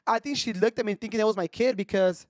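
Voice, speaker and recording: A man's voice: high-pitched, quick pace, a little mellow, no echo, studio quality. A young man telling a story on a podcast, casual and profane, switching between Spanish and English slang. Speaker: podcast co-host.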